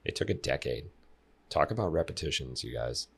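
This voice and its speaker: Guy in his 30s with a super low gravelly voice, kinda husky, chatting on a podcast and telling stories with lots of energy. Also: brisk. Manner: animated storyteller who addresses listeners directly. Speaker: life coach guest. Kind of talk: casual podcast interview.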